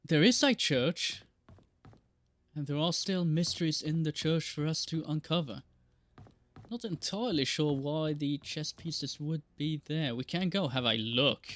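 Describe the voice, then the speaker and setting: A man's voice: on the high side, a little slow, fairly bright tone. Joking man streaming a game. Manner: joking, rambling, laughs often, swears. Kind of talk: casual live gameplay chat.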